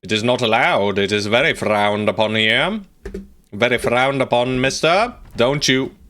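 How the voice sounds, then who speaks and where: A man's voice: medium pitch, measured pace, sharp tone. A man streaming a strategy game live, chatting playfully to viewers and bossing his units around with casual swearing. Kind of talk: live gameplay commentary.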